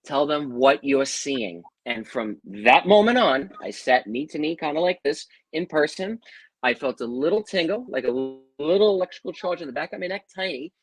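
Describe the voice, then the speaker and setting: A middle-aged man, a guest on an interview show, telling his own stories in a casual, animated way and calling people "bro" and "man". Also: on the high side, moderate pace, breathy edge, dry recording, rough recording. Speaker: interview guest, psychic medium. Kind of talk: casual storytelling.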